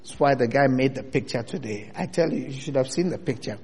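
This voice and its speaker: A man preaching a sermon in an animated way, rising to loud bursts as he presses his points. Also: medium pitch, brisk, a little hiss or hum. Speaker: pastor. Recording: long hall reverb.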